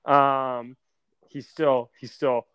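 A man's voice: mid-range voice, level tone, drawn-out words, a bit bright, clean tone, no room sound. A man co-hosting a podcast, chatting casually with dry, mock-serious jokes. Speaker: podcast co-host.

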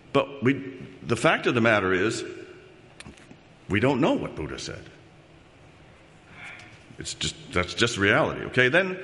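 A man delivers a sermon as a pastor, talking conversationally and often pausing to check in with the congregation. His voice sits at a medium pitch for a man. It rings out with a long, lingering reverb from a large church hall. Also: fairly bright tone.

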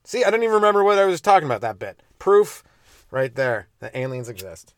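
A man's voice: fairly high pitch, big pitch swings, fairly quick, clean tone. A man hosting a solo comedy podcast, riffing loosely on his own jokes, swearing, laughing at himself and slipping into silly voices. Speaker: stand-up comedian and podcast host. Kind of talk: rambling solo comedy riff.

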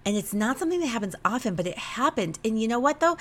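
A woman's voice: fairly high pitch, fast. A young woman hosting a podcast, telling a personal story in a raw, emotional way, often swearing and acting out the conversation. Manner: emotional, swears freely, animated retelling. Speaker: podcast host. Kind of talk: candid personal podcast monologue.

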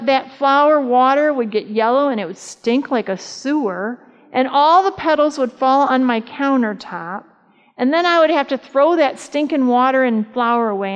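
Woman in her fifties, higher voice, chatty humorous sermon, long hall reverb, dull sound. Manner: chatty, humorous storytelling with audience questions. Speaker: speaker at a church camp meeting. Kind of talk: conversational sermon.

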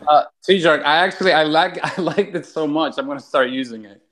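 A man's voice: a little high, fairly quick, fairly bright tone, a little hiss or hum. A man chatting on a community voice call, rambling and filling his talk with "like" and "you know". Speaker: community member offering giveaways. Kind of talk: casual chat on a community voice call. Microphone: online voice call.

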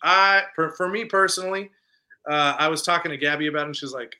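A man's voice: fairly high pitch, fast. A man co-hosting a podcast, chatting casually and animatedly about a film he saw. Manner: animated retelling, acts out lines from scenes; conversational with many fillers. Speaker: podcast co-host reviewing films. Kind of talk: casual chat.

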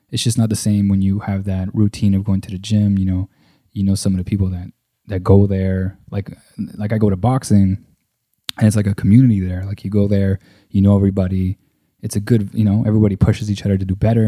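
A young man rambles through a solo podcast in a low, dark, mellow voice that stays fairly flat. He swears freely and leans on "like" and "you know", speaking close to a desk microphone in a dry, tight-sounding room. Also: no room sound. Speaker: podcast host. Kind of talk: casual solo podcast monologue. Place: at a table indoors. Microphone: desk microphone close to the mouth.

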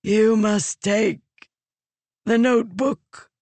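A narrator voicing a dying ancient female Fused, croaking in slow, broken phrases for an audiobook. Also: mid-range voice, a little mellow, no echo, voice pushed up. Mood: weak, urgent. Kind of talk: audiobook character reading.

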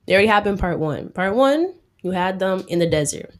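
A woman's voice: medium pitch, expressive, a little fast. A woman giving a casual, slangy sermon, retelling a Bible story in a chatty way full of 'like'.

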